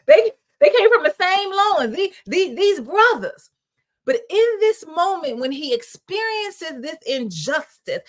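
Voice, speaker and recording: A woman's voice: sits high, fairly bright tone. A woman reverend and host preaching conversationally on a Bible passage, emphatic and colloquial, firing off rhetorical questions. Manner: colloquial, with repeated restarts.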